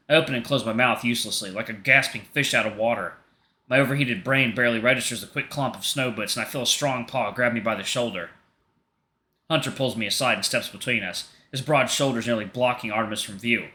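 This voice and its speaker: A man hosting a gaming channel, reading a visual novel aloud in steady, expressive narration. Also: medium pitch, fairly quick. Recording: roomy echo.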